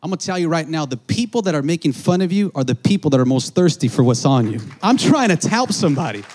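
Animated storytelling preacher, fairly high voice. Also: male voice, fast talker. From Southern California. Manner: animated storytelling, acting out voices, calls to the crowd. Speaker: pastor. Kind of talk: sermon.

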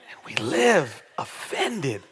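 A man's voice: mid-range voice, slow, a little hiss or hum. A middle-aged male pastor preaching a sermon in church, joking with the congregation and calling for responses. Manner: animated, playful preaching with jokes and call-and-response. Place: church sanctuary.

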